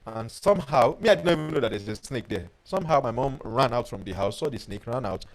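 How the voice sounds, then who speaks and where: A man leads a webinar as a life coach. His voice sits at a middle pitch but swings up and down with lively, expressive intonation. He tells personal stories with energy and stops now and then to read out viewer comments. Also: fast, slight background noise, low-quality recording. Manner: animated storyteller who reads out viewer comments.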